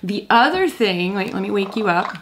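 A woman's voice: mid-range voice, lively intonation, moderate pace, a bit bright, slight background noise. A woman in her thirties hosting a casual toy review vlog, chatty and playful, cooing at a toy kitten.

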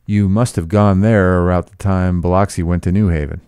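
A man's voice: deep voice, brisk, a little mellow, no room sound, studio quality. A man reading the part of an arrogant, scornful rich husband, with a sneering, incredulous delivery.

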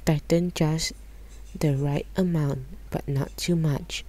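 A woman reading a children's book aloud in calm, measured narration. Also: low voice, low-quality recording. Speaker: storyteller.

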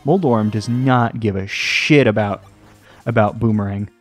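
A man hosting a let's play, rambling and joking at himself, often jumping into a high sing-song voice. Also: a little slow, soft background music. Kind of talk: casual gameplay commentary. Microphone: desk microphone.

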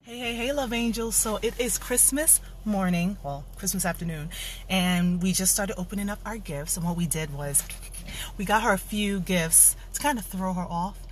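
A woman's voice: medium pitch, normal speed, slight background noise. A young woman vlogging in a bubbly, gushing, chatty way. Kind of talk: casual vlog narration.

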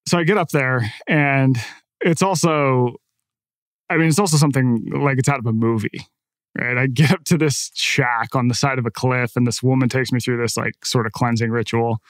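A man, an author and podcast guest, telling stories in a casual, animated way with lots of "like" and "right?". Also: mid-range voice, normal speed, no echo. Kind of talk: conversational storytelling.

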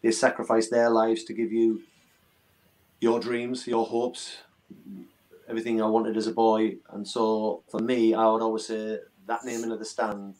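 A man's voice: on the low side, monotone, a little slow, darkish tone, rough recording. A middle-aged man, a former footballer telling earnest, emotional stories in a casual interview. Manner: earnest, emotional, rambling storytelling.

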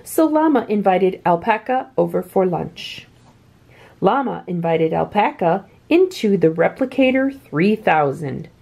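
A woman reading a children's picture book aloud with expressive, swooping delivery. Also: lowish voice, vocal fry. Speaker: children's story reader.

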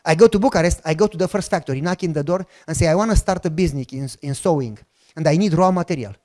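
Animated Romanian-accented preacher man. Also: a little high, fast. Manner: animated storytelling with acted-out dialogue and shouted outbursts. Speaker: preacher telling a testimony. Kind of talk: sermon storytelling.

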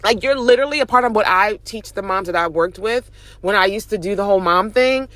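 A young woman and mom vlogger, driving while she gives an animated, chatty motivational talk. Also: mid-range voice, a little fast, no echo. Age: young adult. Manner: animated, chatty, preachy encouragement. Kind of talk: casual motivational talk to camera. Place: in a car, driving.

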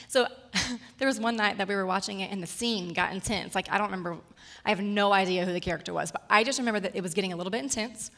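Gravelly-voiced woman preaching a sermon. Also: medium pitch, fast talker, fairly bright tone. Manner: personal, storytelling, gets emotional and tearful at times. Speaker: guest speaker.

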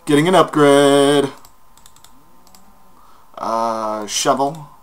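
A man's voice: medium pitch, very slow. A young man giving casual commentary as he plays a game, talking playfully to the creatures on screen and breaking into sudden outbursts. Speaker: gaming YouTuber.

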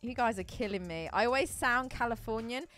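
A woman's voice: a little high, fairly quick, a bit bright, soft background music. A woman chatting casually on a live stream, giggling as she opens card packs and answers viewers.

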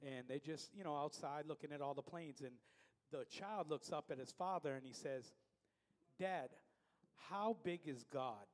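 A man's voice: fairly high pitch, brisk. A man telling a folksy story during a church service, speaking casually. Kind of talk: sermon story. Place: church hall. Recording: long reverb of a church hall.

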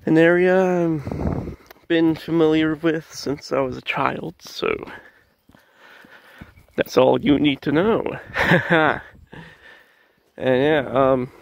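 A man's voice: fairly high pitch, gravelly, no echo. A young man telling a rambling story in a casual vlog, swearing freely and laughing often as he walks his dog in the woods. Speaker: vlogger. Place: outdoors in woods, walking dog.

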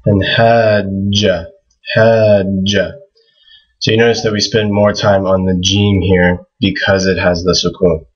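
Low husky man teaching slowly. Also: muffled recording. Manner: relaxed, thinking aloud with fillers, repeats words slowly to model pronunciation. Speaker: language teacher. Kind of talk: casual explanatory lesson.

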